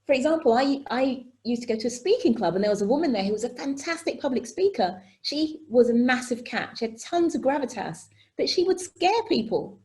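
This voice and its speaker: Woman workshop presenter on a video call, animated and conversational, tags lines with checks like "okay?". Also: on the high side, a little fast, few pauses. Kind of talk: live online workshop teaching.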